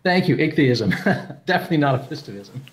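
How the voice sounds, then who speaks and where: A man's voice: on the high side, expressive, brisk. A man explaining philosophy in a casual group talk, thinking aloud with restarts and repeated words over an online call.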